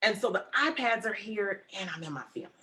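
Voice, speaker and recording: A woman hosting an interview over a video call, talking with deep emotion and fighting back tears. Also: expressive, a little fast, bright, forceful tone. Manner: tearful, fighting to hold back crying. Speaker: interview host.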